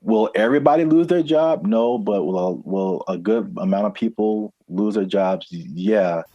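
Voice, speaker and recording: A man co-hosting a casual podcast, laid-back and quick to laugh. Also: lowish voice, dark tone, dry recording, dull audio. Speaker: podcast co-host.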